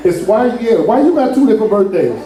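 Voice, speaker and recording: A man's voice: high-pitched, sing-song, brisk. A man joking with a crowd as he hosts a ticket giveaway at a live venue. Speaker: event promoter. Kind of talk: live event hosting to a crowd. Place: large indoor venue. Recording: echoey hall, distant mic.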